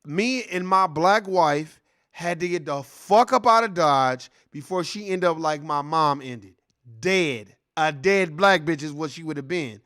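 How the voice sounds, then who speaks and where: A man's voice: on the high side, animated, measured pace, fairly bright tone. A man giving a heated, profane reaction commentary in a casual, repetitive ranting style.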